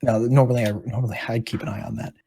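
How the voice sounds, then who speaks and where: A man acting as dungeon master, narrating a tabletop game in a halting, relaxed way. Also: medium pitch, gravelly, a loud crowd.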